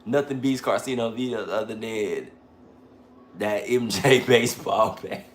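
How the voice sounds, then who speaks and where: A man hosting a livestream in casual chat, animated, slangy and profane, laughing often. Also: lowish voice, unhurried, echoey room, slight background noise. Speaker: channel host on a livestream.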